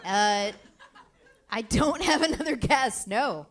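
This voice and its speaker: A woman's voice: a little high, lively intonation, slow, fairly bright tone. A woman comedian guest on a live podcast, self-deprecating and laughing often.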